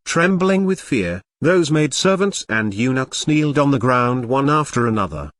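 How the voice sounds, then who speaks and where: A man reads a web novel aloud at a middle pitch, his intonation rising and falling widely from line to line. The sound is dry and close, with no room around it. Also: fairly bright tone, no echo. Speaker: audiobook narrator.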